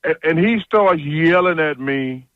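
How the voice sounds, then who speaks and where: A man's voice: fairly high pitch, lively intonation, unhurried, dry recording, muffled recording. A man chatting as a guest analyst on a radio show, blunt and jokey, telling stories with lots of restarts. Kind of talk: casual phone-in radio chat.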